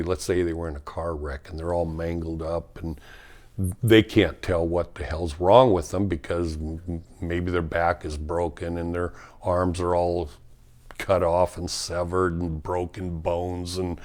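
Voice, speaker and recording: Middle-aged man, lowish voice, unhurried, rambling and blunt, casual spiritual monologue. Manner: rambling, frank, with frequent fillers and restarts. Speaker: spiritual talk host and former firefighter.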